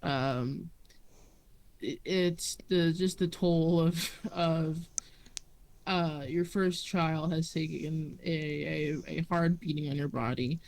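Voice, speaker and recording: A game master narrating a tabletop role-play, pausing often and restarting sentences as the scene is described. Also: medium pitch, fairly even intonation, vocal fry, a little mellow. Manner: hesitant, lots of fillers and restarts.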